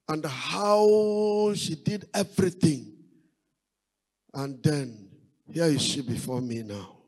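A man preaches a sermon in a high voice that sweeps up and down. He piles up repeated phrases and calls out praises as he drives each point home. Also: poor audio. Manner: preaching with rising exclamations and repetition. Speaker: pastor.

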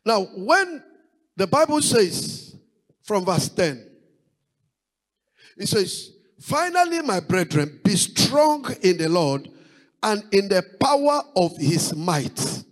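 Lively, high-pitched preacher man. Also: slow, poor audio. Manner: preaching with rising exclamations and repetition. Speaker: pastor. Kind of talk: sermon.

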